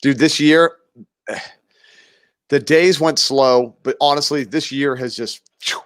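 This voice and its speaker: A man's voice: mid-range voice, takes it slowly. A man co-hosting a podcast in casual, enthusiastic chat. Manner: enthusiastic, animated. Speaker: podcast co-host.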